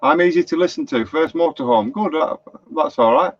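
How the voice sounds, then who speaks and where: Middle-aged Lancashire bloke, fairly high voice, yarning to his live-stream viewers, muffled sound. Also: expressive, fairly quick, breathy edge, no echo. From Lancashire, England. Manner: chatty, anecdotal, reads out viewer comments. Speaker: motorhome vlogger. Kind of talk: rambling live-stream chat. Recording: dull lo-fi live stream, dry.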